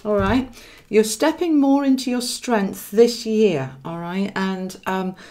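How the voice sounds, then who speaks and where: Slow and a little mellow, this medium-pitched female voice belongs to a tarot reader from Wales. Live and chatty, she draws cards while thinking aloud and calls her viewers darling with affection.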